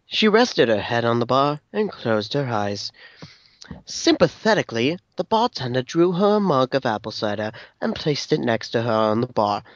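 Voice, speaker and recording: A man narrating a fan story aloud in an expressive storytelling manner. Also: mid-range voice, moderate pace, dry recording. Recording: dry, dull lo-fi sound.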